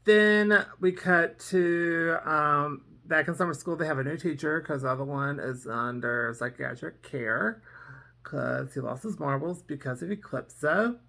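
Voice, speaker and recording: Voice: mid-range voice, measured pace, vocal fry, pushed and bright. A casual reviewer recapping a TV episode in a rambling way, full of "um" and "and so", and acting out the characters' lines. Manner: rambling, with many ums and "and so"; acts out characters' lines in quotes. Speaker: TV reaction reviewer.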